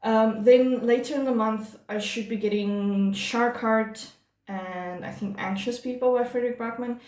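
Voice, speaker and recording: A woman's voice: a little high, steady tone, unhurried, a little mellow. A woman talking casually to camera about her monthly reads, chatty and gushing, with lots of fillers and restarts. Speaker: book vlogger. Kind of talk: casual monthly reading wrap-up. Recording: echoey room.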